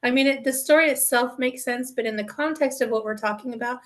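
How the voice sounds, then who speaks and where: A woman's voice: sits high, fast, a bit bright. A woman co-hosting a podcast in casual chat, rambling and earnest, often checking in with "right?". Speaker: podcast co-host.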